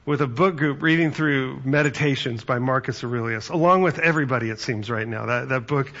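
A man's voice: medium pitch, fairly quick, a bit bright, dull audio. A man giving a conversational sermon as pastor, telling stories and acting out quotes. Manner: conversational, storytelling with acted-out quotes.

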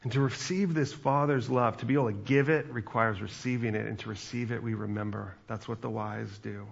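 A man's voice: on the low side, steady tone, brisk, creaky, highs cut off. A man in his forties, a pastor, giving a chatty sermon with asides to the congregation.

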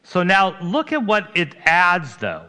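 A man's voice: sits high, huge pitch swings, slow pace, pushed and bright. A man, a pastor, preaching a sermon in a conversational way, asking his congregation questions.

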